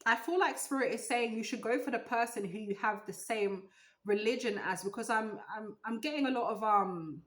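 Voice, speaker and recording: Expressive woman doing a tarot reading. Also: a little high, moderate pace, low-quality recording. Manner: animated, musing aloud, breaks into sung gospel snippets. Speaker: tarot reader.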